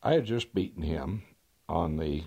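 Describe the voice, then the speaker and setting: Older male lawyer, raconteur, deep husky voice, dry wit, throat-clearing. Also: animated, a little slow, a little mellow. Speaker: trial lawyer. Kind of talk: anecdotal storytelling.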